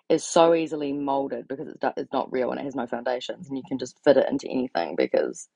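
A young adult woman vlogger speaks directly to the camera in a blunt, exasperated, profanity-laced rant. Her voice is rumbling low, creaky and dark, recorded with no room sound.

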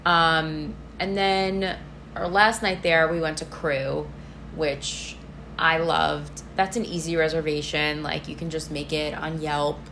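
A woman with a low voice for her sex co-hosts a podcast in lively, chatty talk. She gets excited easily and leans heavily on "like" between phrases. A faint hiss runs under the recording. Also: takes it slowly. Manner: chatty and excitable, heavy use of "like". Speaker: podcast co-host. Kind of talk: casual chat.

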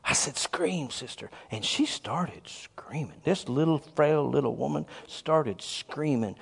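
A man preaching a sermon, telling a story and bursting into shouts of praise. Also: fairly high pitch, expressive, slow pace, creaky, husky.

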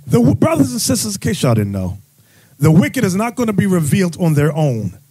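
A man's voice: high voice, huge pitch swings, fairly quick, mellow, husky, no room sound. A man teaching a bible study, preaching with an emphatic, sing-song cadence. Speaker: church teacher.

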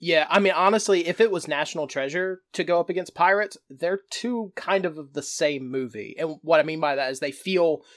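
A man's voice: a little high, a little fast, hardly any pauses, fairly bright tone. A man co-hosting a casual podcast chat, easygoing and chuckling, talking in loose run-on thoughts. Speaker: podcast co-host.

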